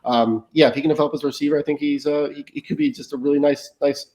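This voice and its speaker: A man's voice: fairly high pitch, fairly even intonation, darkish tone. A man talking as a podcast guest in casual analysis, often stumbling and restarting his words. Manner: rapid talk with frequent stammered restarts.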